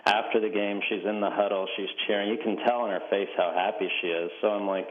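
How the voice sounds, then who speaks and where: A man's voice: on the low side, quick pace, hardly any pauses, phone-quality sound. A male former soccer player on a remote line as a radio guest, talking in an easygoing, wry and self-deprecating way. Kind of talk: relaxed interview.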